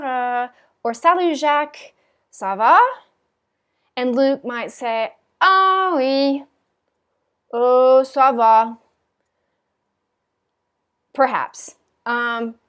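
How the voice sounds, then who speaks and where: A woman with a fairly high voice teaches French in a recorded lesson, probably from home. She talks patiently, fills pauses with frequent ums and says each phrase aloud for her students.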